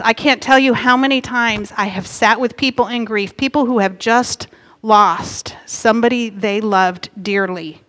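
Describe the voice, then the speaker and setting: Woman pastor preaching in a reverberant sanctuary. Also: fairly high pitch. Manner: earnest, gently emphatic preaching. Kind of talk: sermon. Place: church sanctuary. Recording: long hall reverb.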